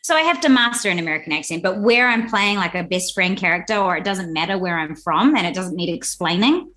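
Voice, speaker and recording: A woman's voice: on the low side, lively intonation, a bit bright. Bubbly young New Zealand woman. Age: young adult. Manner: bubbly, quick and candid. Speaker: actress guest. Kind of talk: casual interview chat. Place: her home.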